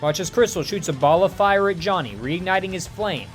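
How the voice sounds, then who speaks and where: Animated, high-voiced man telling a story. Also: a little fast, faint music behind. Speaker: fan fiction narrator. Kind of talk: reading a superhero fan story aloud.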